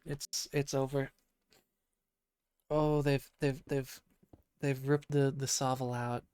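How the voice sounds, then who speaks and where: A man talks in a loose, profane ramble, stumbling and restarting his sentences. His voice is croaky from being sick. The recording is dry and close, with no room sound. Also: mid-range voice, level tone, takes it slowly, darkish tone, no echo. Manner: rambling, profane, self-interrupting. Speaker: podcast host. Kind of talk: rambling casual monologue.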